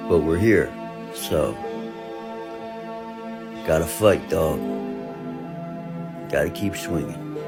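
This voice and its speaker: A man, a father of two, slowly and wearily venting to the camera about exhaustion, swearing heavily as he goes. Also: extremely low pitch. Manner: slow, weary, heavy with swearing. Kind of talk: emotional vent to camera. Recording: clear music playing behind.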